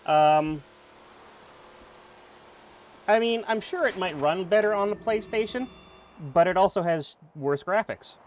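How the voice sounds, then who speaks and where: A man's voice: sits high, unhurried, long pauses, a little hiss or hum. A man casually commentating as he streams a video game, chatty and joking, reading game text aloud. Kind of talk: casual let's play commentary. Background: game music.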